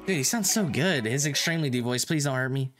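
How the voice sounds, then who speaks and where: A man's voice: medium pitch, animated, fast, over music. A man hosting a reaction video, talking casually, swearing often and laughing.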